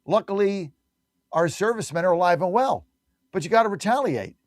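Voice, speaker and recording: A man's voice: high-pitched, lively intonation, brisk, dry recording, clean studio sound. A man hosting a talk radio show, delivering an emphatic, combative monologue with lots of repetition.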